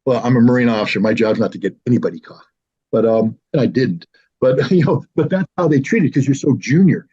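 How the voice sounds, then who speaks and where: A man in his sixties from the United States, telling a personal story in a casual, animated way on his own show. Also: mid-range voice, fast, husky. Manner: animated, with lively mimicry of others. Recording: slightly dull lo-fi sound.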